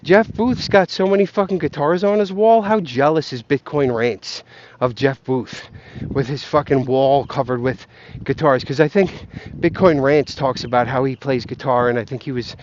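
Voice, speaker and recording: Speaking at a normal speed in a voice on the high side, a young vlogger rambles casually outdoors beside some geese. His talk is profane and self-doubting, full of swearing and half-formed thoughts. The audio is muffled lo-fi with a slight hiss or hum.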